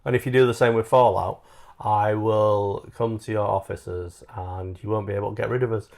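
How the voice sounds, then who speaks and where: A man with a low, gravelly voice chats casually as a podcast co-host. He rambles through his stories and laughs at his own jokes. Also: steady tone, normal speed, darkish tone. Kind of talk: casual chat.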